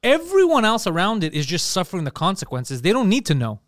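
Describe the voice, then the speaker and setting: A man co-hosting a podcast tells stories with plenty of cursing and acted-out quotations, keeping the chat casual and animated. His voice sits high and moves fast, captured in a dry, clean studio recording.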